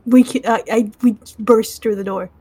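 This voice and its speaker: A woman playing a tabletop game, baffled and halting. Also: a little high, steady tone, warm tone, husky, no room sound. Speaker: player.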